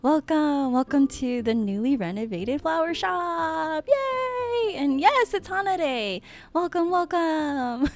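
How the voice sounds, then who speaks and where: Woman VTuber, high and slow-spoken, giggly, gushing, hesitant; faint music behind. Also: lively intonation. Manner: giggly and gushing, often laughing; soft, hesitant with many ums. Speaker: VTuber streamer. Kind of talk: live-stream chat. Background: faint background music.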